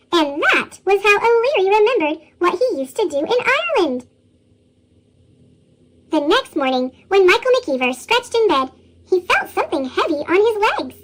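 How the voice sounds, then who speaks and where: A woman reading a children's picture book aloud, her voice sped into a squeaky chipmunk pitch. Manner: lively, expressive reading. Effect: chipmunk pitch shift. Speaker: storybook reader. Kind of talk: read-aloud children's story.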